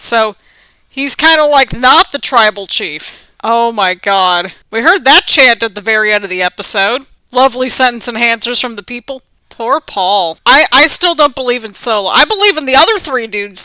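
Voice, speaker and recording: A woman giving casual, excitable reaction commentary as a vlogger, gasping and crying out at big moments. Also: on the high side, clear, resonant tone, dry recording, low-quality recording.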